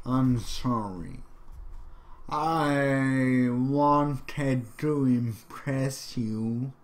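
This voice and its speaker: A man's voice: mid-range voice, background noise. A man hosting a let's play video, commenting on the game and reading level names aloud with jokey outbursts. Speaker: gaming video host.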